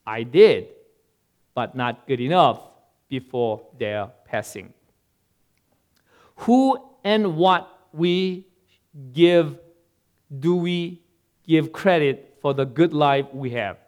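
A male pastor preaches at a slow, unhurried pace, pausing often on fillers. His voice is smooth and clear. It sits a little higher than most men's. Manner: slow, halting delivery with many fillers. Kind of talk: sermon.

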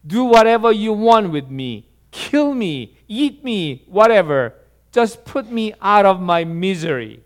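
A man's voice: sits high, very animated, measured pace, voice pushed up. A man voicing a terrified explorer who pleads desperately for his life. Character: terrified adult male explorer begging for mercy.

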